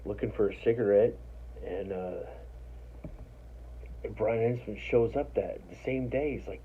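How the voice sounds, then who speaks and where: Casting: low-pitched man, loose profane storyteller, tinny phone-quality sound. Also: a little slow, long pauses. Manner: rambling, profane, self-deprecating, with many restarts. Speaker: storyteller recounting his life. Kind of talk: casual first-person storytelling. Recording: tinny phone-like audio with faint noise.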